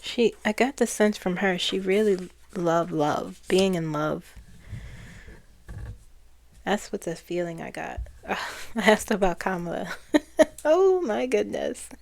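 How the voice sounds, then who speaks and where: A woman psychic reader speaking earnestly to her viewers as she relays channeled messages, often pausing to restart and repeat phrases. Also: medium pitch, lively intonation, creaky.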